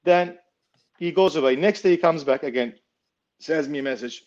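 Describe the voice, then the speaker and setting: A knife maker telling a story casually, blunt and swearing freely. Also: male voice, a little high, moderate pace, a little mellow, dull audio.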